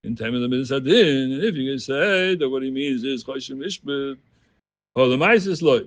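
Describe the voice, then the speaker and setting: A man leading a Talmud study group, explaining the text in an animated voice and chanting quoted passages in a sing-song. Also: medium pitch, moderate pace, dry recording. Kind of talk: Talmud class teaching.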